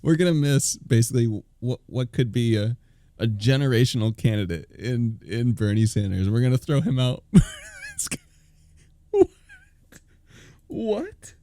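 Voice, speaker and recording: A man's voice: medium pitch, big pitch swings, a little slow, long pauses, warm tone, no room sound. A man live-streaming a reaction, incredulous, laughing often and swearing.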